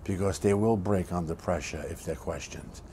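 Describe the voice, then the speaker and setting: A hulking, coldly scheming crook played by a man in a low-budget crime film, lecturing bluntly in a streetwise way and swearing in nearly every line. His voice sits very low and heavy. A faint hiss runs under the recording. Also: moderate pace, dark tone. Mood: instructive.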